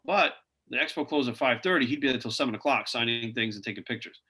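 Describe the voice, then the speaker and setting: Fast, bright-voiced man telling stories. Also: medium pitch, slightly rough. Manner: rambling anecdotes full of "like" and "you know". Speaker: podcast guest. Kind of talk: casual interview storytelling.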